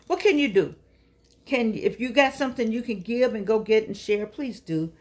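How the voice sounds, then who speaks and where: An older woman hosting her own show, talking to her audience in a fussing, encouraging, preachy way. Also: medium pitch. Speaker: show host. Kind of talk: casual talk to camera.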